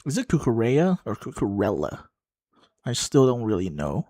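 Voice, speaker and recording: A man giving casual live play-by-play of a football match for a watchalong, slow and halting, pausing and musing between calls. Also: on the low side, very animated, warm tone, no echo. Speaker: watchalong commentator.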